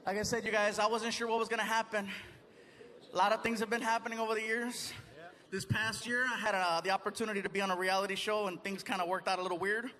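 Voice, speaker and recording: A high-pitched man talks fast in a level tone while doing stand-up on a large theater stage before a live audience. He tells stories animatedly and drops into put-on voices, and loud crowd laughter fills the live recording.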